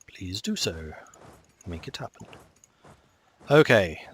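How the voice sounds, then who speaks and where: Low-voiced man muttering through a strategy game. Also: moderate pace, no echo. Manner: muttering to himself, talking at the game. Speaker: strategy game let's player. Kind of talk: casual gameplay commentary.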